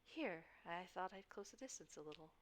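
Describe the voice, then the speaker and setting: A woman voicing a shy, gentle young woman in a tabletop game, hesitant and nearly whispering. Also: on the low side, animated, fairly quick, natural voice.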